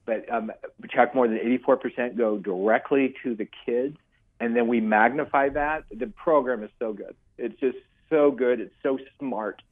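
A man's voice: mid-range voice, moderate pace. An older man, a guest author, telling stories earnestly in a rambling way, with many restarts. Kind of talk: casual interview chat. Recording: phone-like call line.

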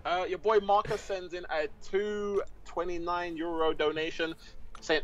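Giggly man reading donations, higher voice. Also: unhurried, a bit bright. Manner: giggly, reads messages aloud between laughs. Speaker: guest co-commentator reading donations. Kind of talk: casual livestream chat.

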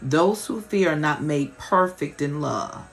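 A woman's voice: deep voice, lively intonation, unhurried, vocal fry, faint music behind. A woman preacher giving an impassioned, colloquial teaching sermon on a live stream, repeating rhetorical questions.

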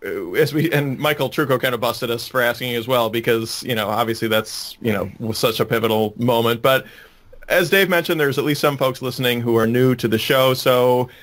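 An easygoing man in the middle of his pitch range hosts a casual podcast interview. He asks questions in a relaxed way and often laughs along with his guest. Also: brisk.

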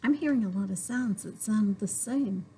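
A woman librarian reading a picture book aloud to young children, slow and clear. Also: mid-range voice, warm tone. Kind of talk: storytime read-aloud.

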